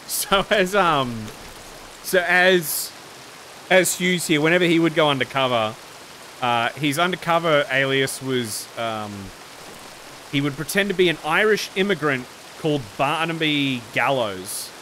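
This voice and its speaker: Excitable high-voiced male streamer. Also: measured pace, a little hiss or hum. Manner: excitable, lots of exclamations. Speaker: streamer playing a sheriff character. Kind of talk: in-game role-play and stream commentary.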